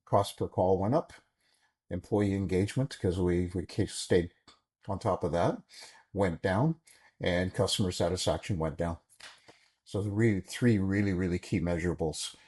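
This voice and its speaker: A middle-aged man with a deep, husky voice tells stories from his career as a podcast guest. He is animated and slips into the voices of the people he quotes. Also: normal speed. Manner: animated anecdotes, acts out quoted dialogue. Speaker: podcast guest, former executive. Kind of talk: conversational storytelling.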